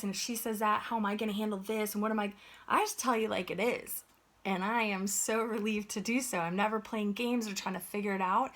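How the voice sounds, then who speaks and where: A woman giving an earnest, conversational motivational talk as a life coach, often checking in with "right?". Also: mid-range voice.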